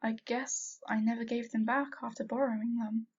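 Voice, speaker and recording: A woman voicing a kind, motherly aunt in a storybook reading, speaking in a gentle, reassuring way. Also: on the high side, level tone, normal speed, slightly rough, muffled recording.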